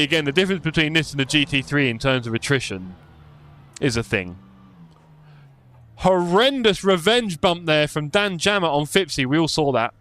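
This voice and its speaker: A man's voice: on the high side, a bit bright, clean tone, dry recording. A young man live-streaming sim racing, chatty and self-mocking, calling the race as he drives.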